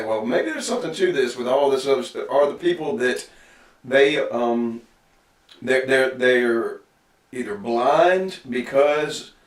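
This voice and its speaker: A man's voice: mid-range voice, distant mic. A man co-hosting a casual political talk podcast, earnest and rambling. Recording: echoey room, voice off-mic.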